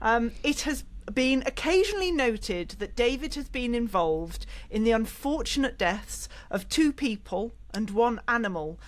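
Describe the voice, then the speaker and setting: Woman podcast host, reads out fan questions, higher voice, laughs along. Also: expressive, unhurried, few pauses. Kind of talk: interviewing, reading listener questions.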